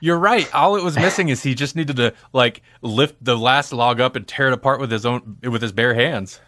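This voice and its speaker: Laughing a lot, this co-host keeps the movie review chat loose and lively on his podcast. His mid-range voice runs at normal speed, and the studio sound is clean with no echo.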